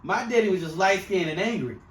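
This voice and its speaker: A man's voice: high-pitched, quick pace. A man co-hosting a podcast, bantering and joking in casual chat. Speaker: podcast co-host. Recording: roomy, distant mic with faint noise.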